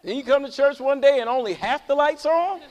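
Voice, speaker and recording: A man preaching a sermon as pastor to his church, calling out to the congregation and swinging between loud high calls and low quiet talk. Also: fast, long reverb tail. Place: church sanctuary.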